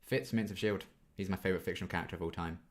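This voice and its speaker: A man's voice: low-pitched, steady tone, very fast. A young man in his twenties hosting a casual Q&A, reading viewer questions aloud and chatting through his answers with frequent ums. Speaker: YouTube reaction channel host.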